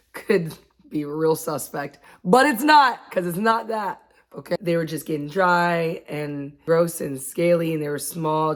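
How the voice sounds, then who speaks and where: A woman in her late thirties talking casually about her own experiences, chatty and quick to laugh. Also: on the low side. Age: 30s. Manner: chatty, laughs often, acts out quotes. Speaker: vlogger. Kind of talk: casual chat.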